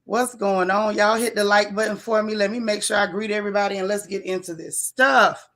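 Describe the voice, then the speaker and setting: Brisk and fairly bright, this woman's mid-range voice keeps a fairly even intonation as she runs a casual live stream. Out of breath, she greets viewers by name and gossips chattily in Southern-tinged African American vernacular, dropping "child" and "y'all" often.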